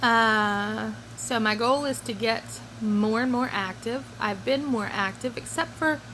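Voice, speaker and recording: A middle-aged woman rambles casually to her camera at home, full of ums and restarts. Her voice is bright and clear. A faint hum of room noise sits behind her. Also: a little high, unhurried, poor audio. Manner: rambling, many fillers and restarts. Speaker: vlogger. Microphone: phone or camera close by.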